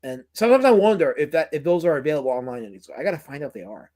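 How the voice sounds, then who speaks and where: A man's voice: a little high, very fast. Casual talk-show host from New York, a man who rambles and stutters over words. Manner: animated, rambling, repeats words. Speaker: podcast host. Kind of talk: casual chat.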